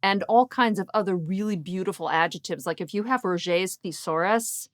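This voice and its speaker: A woman's voice: lowish voice, normal speed, dry recording, studio quality. A woman from Boston with a Boston accent, a coach chatting playfully on a podcast. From Boston, USA. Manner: playful and chatty, full of compliments. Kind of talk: casual podcast chat.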